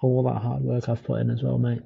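A man's voice: mid-range voice, completely flat delivery, brisk, creaky, breathy edge, no room sound, narrow, tinny audio. A man co-hosting a casual podcast chat, laid-back, swearing now and then and calling his friend mate. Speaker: podcast co-host. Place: in Dublin, remote call.

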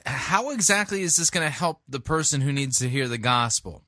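A male host breaks in with dry, skeptical remarks in a bright, sharp voice. The sound is close and dead, with no room echo. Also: mid-range voice, lively intonation, normal speed. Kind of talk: critical commentary.

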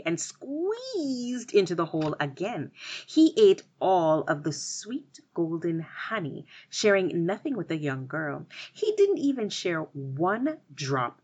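Animated, slow-telling woman storyteller. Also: deep voice, slightly rough. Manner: expressive and animated. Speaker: storyteller and show host. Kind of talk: storytelling narration.

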